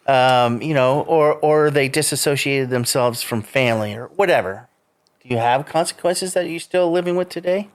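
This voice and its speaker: Very deep-voiced woman, lively questioning. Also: measured pace. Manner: direct, questioning, pushes back. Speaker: podcast co-host. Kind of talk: casual recovery-group conversation.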